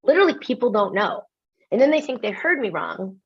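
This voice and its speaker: A woman from the United States giving a lively webinar talk as a keynote speaker, animated and self-mocking, with quick asides and laughs. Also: fairly high pitch, breathy edge, highs cut off.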